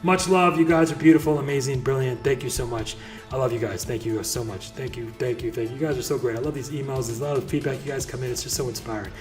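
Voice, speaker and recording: A man's voice: medium pitch, steady tone, quick pace, soft background music. A man coaching on business in a casual motivational talk, effusive and blunt, and he swears freely. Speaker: real estate business coach.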